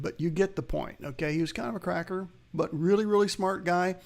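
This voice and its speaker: A man's voice: fairly high pitch, fairly quick, gravelly, hardly any pauses. A man hosting a live investing webcast, giving market commentary in a chatty way, talking straight to viewers and reading their chat. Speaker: host of a live investing show.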